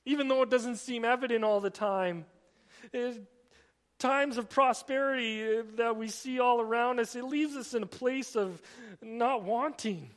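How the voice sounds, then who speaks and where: A man preaching a sermon, swinging between emphatic raised passages and quiet, drawn-out emphasis. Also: very high voice, in a large hall. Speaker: pastor.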